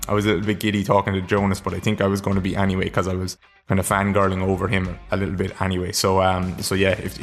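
An Irish man hosting a podcast in casual chat, rambling and self-deprecating, often stumbling over his words. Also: lowish voice. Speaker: podcast host.

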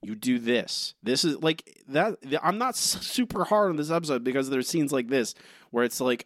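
Male podcast co-host, lively swooping pitch, bone-dry sound, rambling casual chatter. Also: normal speed, dry recording. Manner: animated, rambling with many "like" fillers. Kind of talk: casual chat.

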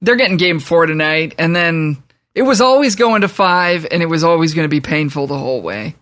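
A man hosting a casual conversation in a slightly high voice. He sounds relaxed and laughs easily between lines. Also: a little fast. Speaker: podcast host. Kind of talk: casual chat.

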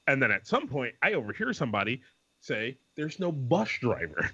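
A man's voice: on the high side, moderate pace, breathy edge, no echo. A man co-hosting a podcast, telling a story in casual chat, swearing a lot and acting out the people he quotes. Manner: profane, animated, acts out quoted people. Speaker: podcast co-host. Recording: dull lo-fi sound.

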